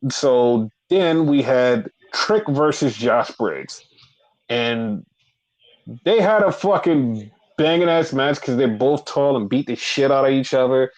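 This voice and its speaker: A man's voice: mid-range voice, lively intonation, slow, low-quality recording. Casual, swearing man recapping wrestling. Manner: loose, profane storytelling with lots of fillers. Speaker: wrestling podcast co-host.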